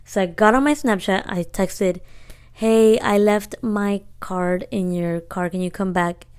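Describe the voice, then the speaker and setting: A woman's voice: mid-range voice, a little slow, a little mellow, clean tone. Slangy young woman telling a story. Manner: slangy, playfully re-enacts dialogue. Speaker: podcast co-host. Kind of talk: casual storytelling.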